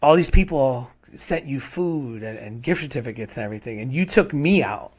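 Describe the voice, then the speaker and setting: A middle-aged man hosts a heartfelt podcast chat. He rambles through long stories and tags nearly every thought with "right?". His voice sits at an ordinary pitch. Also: animated, moderate pace, breathy edge. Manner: rambling, repeats "right?" often. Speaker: podcast host. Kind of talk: casual heartfelt conversation.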